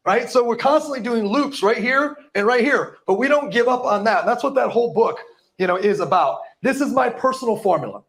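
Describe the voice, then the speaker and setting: Guy with a high voice pumping up a crowd, swears a lot, stumbles on words sometimes. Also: animated, fairly quick, vocal fry, a bit bright. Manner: profane, hyped, stumbles over words. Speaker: motivational speaker. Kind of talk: live motivational talk.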